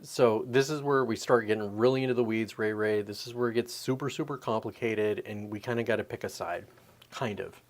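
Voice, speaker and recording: A man in his thirties hosting a podcast, ranting in a profane, animated, rambling way. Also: on the low side, a little fast. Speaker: podcast host. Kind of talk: casual opinion rant.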